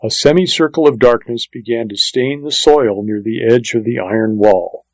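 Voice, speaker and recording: A male narrator reads a story aloud in a steady, even way. His voice sits at an ordinary pitch. The recording is dry and close, with no room sound. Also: normal speed, no echo, poor audio. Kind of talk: scripted audiobook narration.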